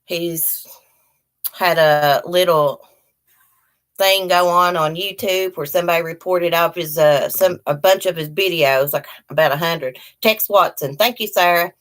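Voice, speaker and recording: Middle-aged woman, deep-ish voice, chatty livestream host who rambles and shouts out viewers. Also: a little slow. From Virginia, US. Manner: chatty, greets viewers by name, warm and rambling. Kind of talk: casual live-chat morning talk.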